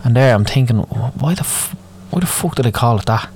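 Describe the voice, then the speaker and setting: A man's voice: medium pitch, lively intonation, a little fast, a little mellow, slight background noise. Sweary Dublin man ranting. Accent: Irish, Dublin. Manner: moaning, sweary, rambling. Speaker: podcast host. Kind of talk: solo ranting podcast.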